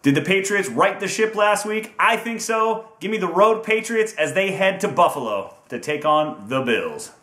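This man's high-pitched voice is very animated, pushed and bright, at a moderate pace with few pauses. He's hosting a casual, upbeat football predictions video, ribbing teams by stretching their names, and the recording has an echoey room sound.

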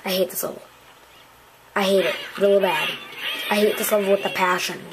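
A goofy young woman chats through a mobile game for her channel, mid-pitched and playful, breaking into silly shouted catchphrases. Her home recording carries loud, steady background noise. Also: brisk. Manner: goofy, chatty, yells catchphrases. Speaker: gaming channel host. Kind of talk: casual let's-play commentary.

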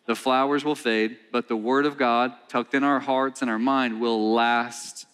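A male pastor preaching a sermon in a church, animated and conversational, repeating himself and calling out to his congregation. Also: mid-range voice, unhurried, smooth. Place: church sanctuary.

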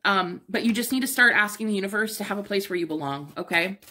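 A young woman giving a casual pick-a-card tarot reading, emphatic and encouraging, with casual swearing and excited exclamations. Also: mid-range voice, fast. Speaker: tarot reader.

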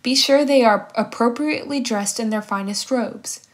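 A woman's voice: fairly high pitch, moderate pace, close to an everyday voice. A woman reading the part of a proud, demanding ancient Greek nobleman in formal, commanding tones. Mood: indignant.

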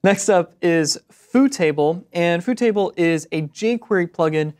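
Smooth-voiced man co-hosting a tech show. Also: sits high, measured pace. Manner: relaxed, explanatory. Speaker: co-host. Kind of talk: casual tech show chat.

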